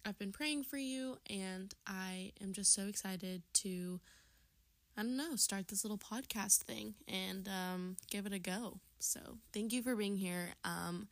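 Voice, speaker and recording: A woman's voice: mid-range voice, creaky. A woman in her early twenties hosting her own podcast, talking in an earnest, chatty way with plenty of fillers. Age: 20s. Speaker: podcast host. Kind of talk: casual podcast monologue.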